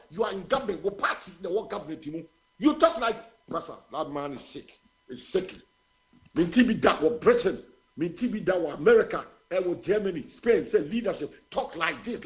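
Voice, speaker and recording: A man's voice: high-pitched, expressive, a little fast. A man in his seventies with a Ghanaian accent, calling in to a radio show and emphatically condemning the politicians, switching between Twi and English. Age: 70s. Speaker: caller. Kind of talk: heated political call-in.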